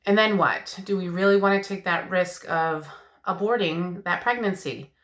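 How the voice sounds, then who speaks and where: Woman in her thirties, vlogger, bright tone, lowish voice, candid, halting, emotional. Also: reverberant. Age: 30s. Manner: candid, halting, many fillers. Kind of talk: personal video update.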